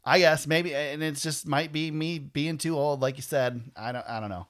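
A man's voice: a little high, moderate pace, a bit bright. A man hosting a motorsport podcast, chatting casually and opinionated, rambling with frequent laughs. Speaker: podcast host. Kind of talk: casual chat.

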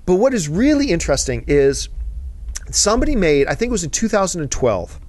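A man's voice: high voice, very animated, brisk, a little mellow, dry recording. A man hosting a casual chat about movies, talking as an eager fan who rambles and drifts into asides. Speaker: show host answering viewer mail.

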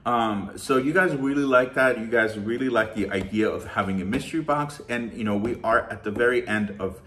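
A man hosting a shopping channel, chatting casually and warmly thanking his viewers in an effusive, heartfelt way. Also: medium pitch, fairly quick, slight background noise. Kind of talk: casual vlog chat to viewers.

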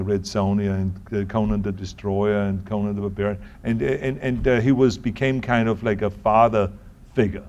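A man's voice: fairly low pitch, a little mellow, highs cut off. Man with a German accent, tripping over words. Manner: tumbling words, frequent restarts. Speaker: interview guest. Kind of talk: anecdotal interview answers.

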